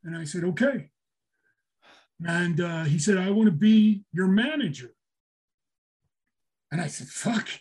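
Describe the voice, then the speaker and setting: A man's voice: sits high, lively intonation, a little slow, long pauses, a little mellow, slightly rough. An older man telling a story in casual talk, swearing a lot, getting emotional and restarting his sentences. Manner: emotional, swears often, repeats himself. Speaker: storyteller guest.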